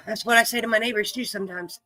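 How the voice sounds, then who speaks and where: A woman's voice: on the high side, bright, forceful tone, no room sound, rough recording. A woman hosting a live stream card game, chatting with viewers in a folksy, teasing, profane way while coughing and short of breath. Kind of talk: casual chat with viewers.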